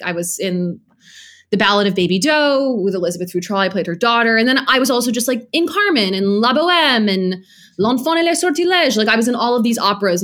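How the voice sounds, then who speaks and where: A woman talking in an animated, laughing way while she tells her own stories in an interview. Her voice sits at a middle pitch, and she keeps slipping into little voices for the people she quotes. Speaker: guest. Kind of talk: casual storytelling interview.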